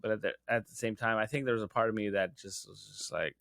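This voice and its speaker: A man's voice: fairly low pitch, fairly even intonation, fast, creaky, a bit bright, no room sound, studio quality. A man in his thirties co-hosting a casual chat, telling personal stories with quoted voices and frequent laughs. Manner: storytelling with acted quotes, laughing often. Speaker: podcast co-host.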